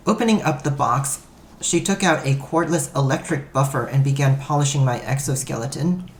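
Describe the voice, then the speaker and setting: A man's voice: medium pitch, normal speed. Man narrating a story, roomy sound. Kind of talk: first-person story narration. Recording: roomy echo.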